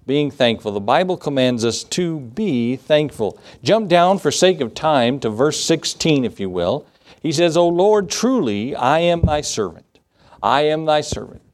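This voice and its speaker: A man's voice: mid-range voice, darkish tone. A middle-aged male pastor preaching a sermon in a conversational, storytelling way, with fillers and asides.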